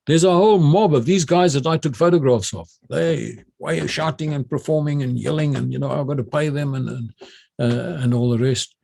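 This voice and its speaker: A retired army general, older and South African-accented, tells a lively story with many restarts and repeated words. His medium-pitched voice carries vocal fry and a slightly rough edge.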